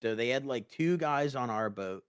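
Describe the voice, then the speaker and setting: A young man chatting casually on a podcast, laughing often and poking fun at himself. He restarts his sentences as he goes. His voice is mid-pitched and recorded close and dry. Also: expressive, smooth, no room sound. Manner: laughs often, self-deprecating, halting restarts. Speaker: podcast guest. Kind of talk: casual chat.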